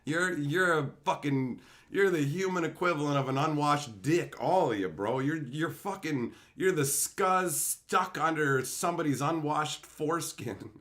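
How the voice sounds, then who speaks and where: A man's voice: fairly high pitch, unhurried, few pauses, fairly bright tone. A man ranting profanely and mock-insulting his live-stream chat.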